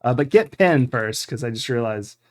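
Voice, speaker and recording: A man's voice: medium pitch, lively intonation, normal speed. A man streaming a game playthrough, thinking aloud and rambling with fillers as he reads the game text. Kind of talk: live game playthrough commentary.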